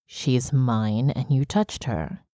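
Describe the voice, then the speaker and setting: Furious young bear shifter, slow and menacing, a woman reads him. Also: a bass voice, dark tone, dry recording, clean studio sound. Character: angry young male bear shifter, possessive.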